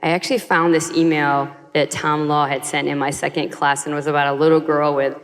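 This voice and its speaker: A woman's voice: low-pitched, little pitch movement, brisk, in a large hall. A woman sharing her personal testimony as a guest, telling an earnest story and acting out quoted voices.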